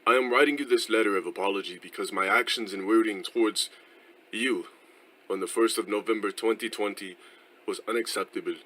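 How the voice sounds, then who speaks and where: A stiff, stilted letter reader in a clumsy fake English accent, as a man puts it on. His bright, forceful tone pushes every formal phrase. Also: lowish voice, fairly quick, rough recording. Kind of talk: streamed read-aloud.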